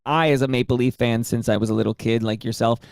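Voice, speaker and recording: A man's voice: mid-range voice, steady tone, fast, vocal fry, a little mellow, no room sound, studio quality. A man co-hosting a casual sports chat, sounding exasperated and laughing along. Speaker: co-host.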